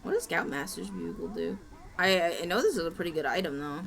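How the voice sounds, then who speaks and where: A woman's voice: lowish voice, wildly swooping pitch, fast talker. A woman streaming gameplay with friends, talking in a dramatic, playful way and breaking into mock-panicked shrieks and wails.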